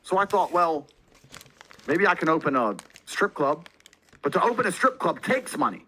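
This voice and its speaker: A brash, boastful man telling a story as a podcast guest, swearing a lot and breaking into loud, excited bursts. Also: on the high side, moderate pace, a little hiss or hum, low-quality recording. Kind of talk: casual storytelling.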